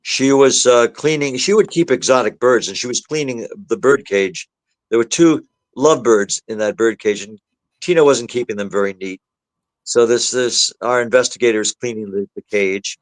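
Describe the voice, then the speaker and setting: A man's voice: mid-range voice, moderate pace, no echo, poor audio. A man, a demonologist guest, telling his story in a podcast interview and acting out the voices he quotes. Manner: animated, acts out the voices he quotes.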